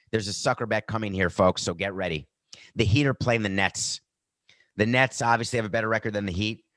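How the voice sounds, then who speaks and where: A man hosting a podcast, giving sports betting picks with jokey asides and animated delivery. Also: lowish voice, no room sound. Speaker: podcast host.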